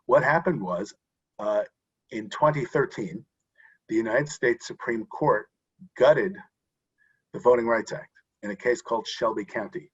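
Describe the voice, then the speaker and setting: This voting rights expert, interviewed over a video call, speaks earnestly with frequent restarts. His mid-range, breathy voice moves at a measured pace with long pauses, and the recording has its highs cut off.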